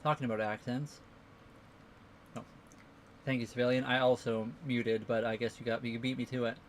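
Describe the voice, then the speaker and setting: A Canadian man co-hosts a casual livestream, rambling as he answers viewer questions. His voice is medium-pitched and steady at a normal speed, with a faint hiss or hum on the recording.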